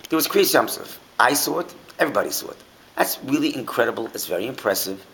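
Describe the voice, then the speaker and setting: A man's voice: mid-range voice, very animated, quick pace, creaky, a bit bright, slight background noise, poor audio. A man teaching an informal Torah class, asking his listeners many rhetorical questions and often restarting his sentences.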